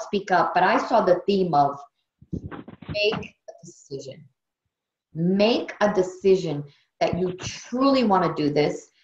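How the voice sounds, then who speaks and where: Earnest woman hosting a video call. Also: mid-range voice. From Brazil. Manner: earnest, emotional, repeats phrases for emphasis. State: tired. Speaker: training host. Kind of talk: motivational team training on a video call. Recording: dull roomy video call audio.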